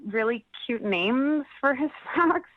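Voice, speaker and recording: A woman's voice: high voice, expressive, slow. A woman on a phone call to a radio show, talking hesitantly with restarts. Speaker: caller on a radio phone segment. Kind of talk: phone conversation. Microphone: telephone. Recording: tinny phone line.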